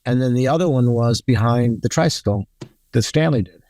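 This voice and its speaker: Older-sounding man telling lively film-set stories. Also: medium pitch, fairly quick, no room sound. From New York. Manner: storytelling, swearing, acts out quotes. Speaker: guest cinematographer. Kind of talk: casual anecdotal interview.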